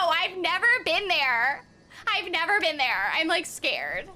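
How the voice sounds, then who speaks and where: Bubbly, giggly high-voiced woman streamer. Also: very animated, unhurried, bright, forceful tone, faint music behind. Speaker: streamer and voice actor. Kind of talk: casual game stream chat.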